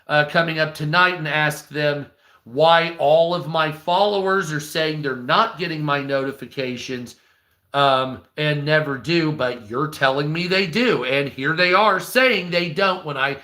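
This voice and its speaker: A man hosts a live stream and rants, rambling and mocking with plenty of profanity. His voice sits a little high and sounds bright and forceful. The room around him is echoey. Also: a little slow. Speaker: live stream news host. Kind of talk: ranting live stream commentary.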